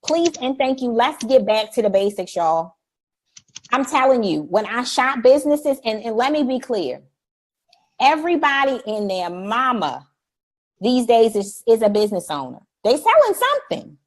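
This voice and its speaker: A middle-aged woman hosting a live stream, talking in an energetic, preachy way, repeating "y'all" and acting out polite phrases. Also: on the high side, normal speed. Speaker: host. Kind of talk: energetic livestream talk.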